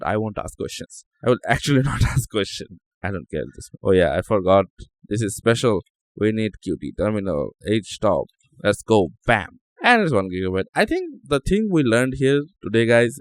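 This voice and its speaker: A man's voice: medium pitch, no room sound. A man hosting a tech channel, talking casually over a screen recording, joking and reacting aloud to what he sees.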